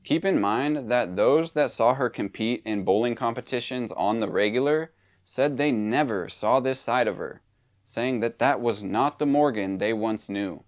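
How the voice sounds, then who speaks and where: A man's voice: medium pitch, measured pace. A man narrating a true crime story in a conversational way, with casual asides.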